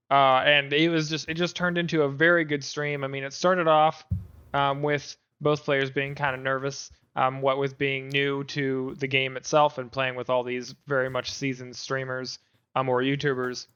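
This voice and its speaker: A man's voice: medium pitch, fairly bright tone, smooth, highs cut off. A man co-hosting a gaming podcast, chatting casually with lots of fillers and restarts. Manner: rambling, many fillers and restarts. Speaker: podcast co-host. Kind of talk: casual chat.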